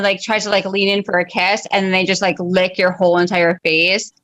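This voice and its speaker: A woman's voice: fairly low pitch, level tone, moderate pace, fairly bright tone, rough recording. A woman in her thirties doing a blunt, exasperated stand-up rant over a video call, swearing constantly and padding every line with fillers. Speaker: stand-up comedian. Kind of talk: profane ranting stand-up bit.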